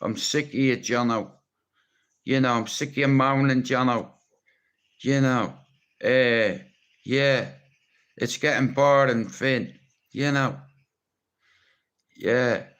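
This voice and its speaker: Slow-talking Irish man rambling on a livestream. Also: mid-range voice, fairly even intonation, a bit bright, clear, resonant tone. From Ireland. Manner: rambling, blunt, swearing, teasing. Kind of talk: rambling live stream monologue.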